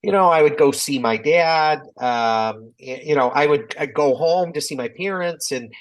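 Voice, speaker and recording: A man in his fifties, a physician and business executive, telling his story in a relaxed interview, reflective and rambling with many fillers and restarts. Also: on the high side, moderate pace, low-quality recording.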